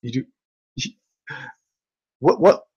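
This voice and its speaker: A man's voice: takes it slowly, dark tone, muffled recording. Mocking exasperated man ranting. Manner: mocking, exasperated, laughs often, swears. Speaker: livestream host reading chat. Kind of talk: ranting livestream chat.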